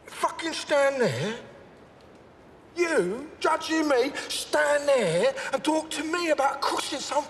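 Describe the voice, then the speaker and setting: An actor playing a volatile middle-aged London gangster with a London accent, rambling, swearing and breaking into shouts. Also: male voice, very high voice, animated, slow pace, full character voice. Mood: furious. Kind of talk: television drama acting. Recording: long reverb, faint background noise.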